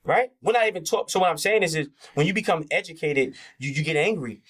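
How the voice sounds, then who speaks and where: A man's voice: a little high, expressive, fast, a bit bright, breathy edge. A man talking as an interview guest in a heated, candid conversation, impassioned and profane, acting out the voices he quotes.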